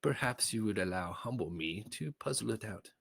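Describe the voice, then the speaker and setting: A raspy, gravelly old storybook schemer who fawns and flatters in a voice pitched well above the man who puts it on, his usual deep tone. Dry, close sound with no room behind it. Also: moderate pace, no room sound, full character voice. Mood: scheming, fawning. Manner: wheedling, fawning flattery. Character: sly scheming old male creature advisor. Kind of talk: storybook reading.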